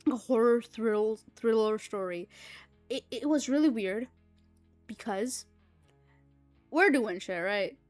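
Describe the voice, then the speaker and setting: A young woman livestreaming, telling a rambling, animated story full of fillers, swearing and laughter. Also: on the high side, takes it slowly, pauses often, faint music behind. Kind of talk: casual storytelling chat.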